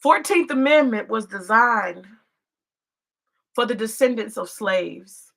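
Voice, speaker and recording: A woman voices a blunt, profane older male president on television. He speaks in short, emphatic bursts, with a gravelly edge and a pitch higher than a man's usual. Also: animated, slow, bright, forceful tone, exaggerated voice.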